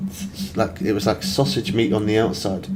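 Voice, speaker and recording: Chatty male streamer, low voice, steady hiss behind him. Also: moderate pace. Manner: rambling, chatty, reads viewer messages aloud. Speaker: game streamer. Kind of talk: casual live-stream chat. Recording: steady background noise.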